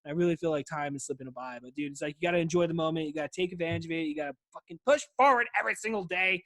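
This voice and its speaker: High-voiced rambling podcast host man. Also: racing, sharp tone, no room sound. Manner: rambling, swears often, says "dude" constantly. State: voice wearing out. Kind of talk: casual solo podcast chat.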